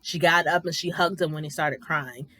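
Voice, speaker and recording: A woman's voice: low voice, fairly even intonation, moderate pace, pushed and bright. Opinionated woman recapping reality TV. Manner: opinionated, conversational, emphatic. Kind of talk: casual commentary.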